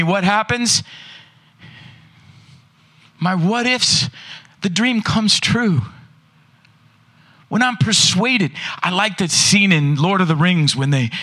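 A man pastor preaching a lively sermon in a church, throwing rhetorical questions at the congregation. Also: on the high side.

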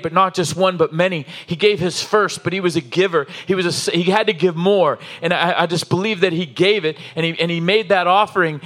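A man's voice: high voice, a bit bright. A man preaching a sermon as pastor, exhorting the congregation with repeated calls and rising, falling intensity. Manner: impassioned preaching with call-and-response exhortations.

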